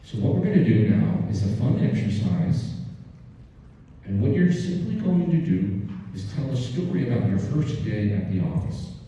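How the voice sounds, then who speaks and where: Man doing a keynote talk, dark mellow low voice, big echoey hall, kinda far from the mic, keeps saying "right?". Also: moderate pace, highs cut off. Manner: animated storyteller, frequently asking "right?". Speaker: keynote speaker. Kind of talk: conference keynote storytelling. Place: large conference hall.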